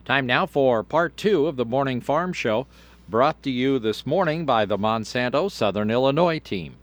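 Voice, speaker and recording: A man working as a radio announcer, reading the weather and introducing the next segment in smooth announcer style. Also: mid-range voice, lively intonation, moderate pace, no echo.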